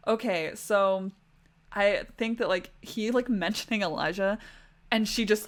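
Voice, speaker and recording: A woman at a middle pitch, talking casually over a livestream as she plays. Her chat is loose and rambling, full of fillers and little apologies, as she thinks out loud about the story. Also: moderate pace. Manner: chatty, rambling, lots of "like" fillers. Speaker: streamer. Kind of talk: casual livestream gameplay commentary.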